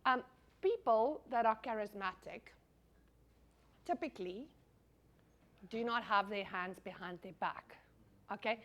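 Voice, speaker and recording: A middle-aged woman giving a lively classroom lecture. She is animated, swears casually and keeps asking the audience questions. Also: mid-range voice, a little slow, pauses often.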